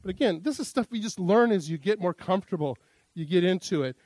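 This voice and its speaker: A man's voice: high voice, expressive, fast, darkish tone, dry recording. A middle-aged male pastor teaching a sermon in a conversational, jokey way, acting out quoted lines. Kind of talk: sermon teaching on interpreting scripture.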